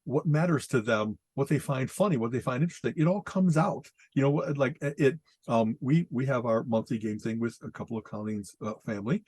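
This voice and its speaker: Man, husky voice, podcast co-host, reflective casual chat. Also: medium pitch, darkish tone, no echo. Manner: reflective, chatty, quick to chime in.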